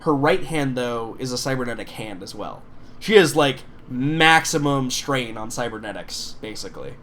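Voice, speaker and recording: A man's voice: mid-range voice, expressive, moderate pace, fairly bright tone, a little hiss or hum. Rambling male game master. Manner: loose, rambling, many fillers. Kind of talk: narrating a tabletop game.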